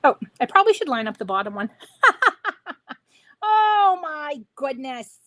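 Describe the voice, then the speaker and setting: Woman, live craft host, bubbly, chatty, high voice, very lively pitch. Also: normal speed. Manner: talks to viewers while working. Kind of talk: live crafting demo chat.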